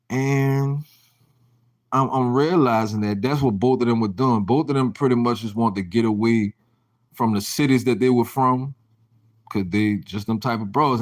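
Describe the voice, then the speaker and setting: A man hosting a casual livestream rant, telling profane, rambling stories with frequent restarts and mocking, laughing gossip. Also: medium pitch. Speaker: livestream host.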